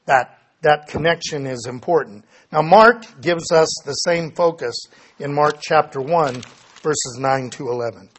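A man's voice: a little high, measured pace, breathy edge. A man teaching a Bible study lesson, reading scripture passages aloud and explaining them plainly, often correcting himself as he goes.

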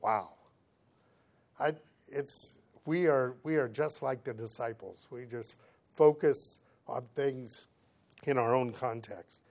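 A man preaching, reading scripture aloud and explaining it in plain conversational words, swinging between emphatic lines and quiet asides. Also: medium pitch, slow, pauses often. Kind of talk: Bible teaching sermon.

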